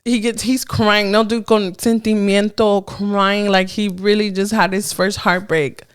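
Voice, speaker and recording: Woman in her 30s on a podcast, tells stories all animated, cusses, some spanish thrown in. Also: medium pitch, a little slow, smooth. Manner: animated storyteller, mixes in Spanish, swears casually. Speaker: podcast co-host. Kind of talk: casual chat.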